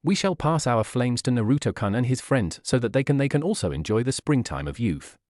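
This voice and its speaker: A man reading aloud as a loud, overexcited adult male martial arts teacher in a fan story. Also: mid-range voice, very animated, a little fast, no room sound, clean studio sound, close to an everyday voice. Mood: enthusiastic. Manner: boisterous, grandiose.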